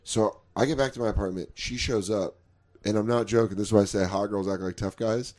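A man's voice: on the low side, fairly even intonation, fairly quick, a little mellow. A man in his thirties, a comedian casually telling stories, acting out both sides and swearing freely. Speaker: comedian podcast host. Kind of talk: casual storytelling chat.

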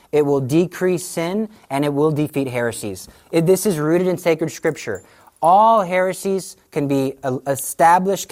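A woman with a low voice gives a conversational talk on faith to an audience. She tells stories with animation and slips into the voices of the people she quotes. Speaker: Catholic speaker on the rosary.

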